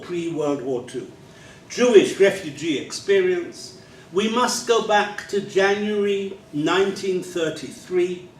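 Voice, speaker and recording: A man in his sixties with an unusual English accent, giving a public lecture with a measured, wry storytelling manner. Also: high-pitched, slight background noise. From England. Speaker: guest lecturer. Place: library lecture hall. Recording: echoey hall, distant mic, faint ambience.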